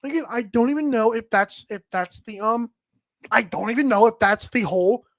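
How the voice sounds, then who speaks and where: High-voiced woman ranting about sports. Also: normal speed, no echo. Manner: rambling, exasperated, many fillers. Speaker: sports podcast host. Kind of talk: casual sports talk rant.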